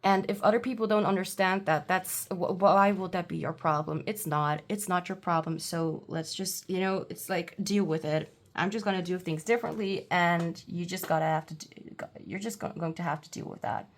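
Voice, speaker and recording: Seated at home, a woman with a voice on the low side gives a casual pick-a-card tarot reading. She's halting and full of fillers, breaking into blunt, irritated outbursts.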